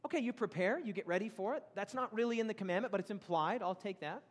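Man, pastor preaching, high-pitched, animated, swinging loud and soft, long reverb in a church hall. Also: fast. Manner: animated, questions the congregation, big swings in pitch and loudness. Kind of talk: sermon. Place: church sanctuary.

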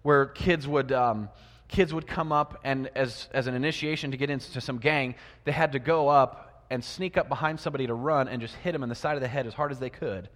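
A man preaching a sermon. He asks his listeners many rhetorical questions and swings between loud emphasis and quiet asides. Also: medium pitch, brisk. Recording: long reverb of a large hall.

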